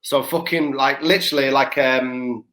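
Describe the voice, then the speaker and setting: A man's voice: mid-range voice, steady tone, moderate pace, a bit bright. A young man, co-hosting a podcast and telling rambling, sweary stories full of restarts. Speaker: podcast co-host. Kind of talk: casual chat.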